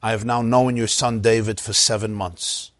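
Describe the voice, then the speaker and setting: A sincere schoolteacher defending his pupil, as a man puts him on. His voice is quiet and rushed. The sound is dry. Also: lowish voice, fairly even intonation, dry recording, close to an everyday voice. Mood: earnest. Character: mild, earnest Hebrew school teacher.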